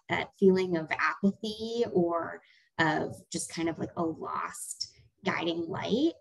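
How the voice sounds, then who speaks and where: Reflective woman with a low voice. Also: gravelly, low-quality recording. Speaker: co-founder co-hosting a talk. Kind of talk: casual conversational talk.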